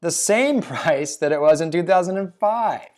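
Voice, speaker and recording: Energetic man talking to camera. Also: fairly high pitch, moderate pace. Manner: energetic, jokey, emphatic. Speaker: blogger and video host. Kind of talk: casual solo talk to camera.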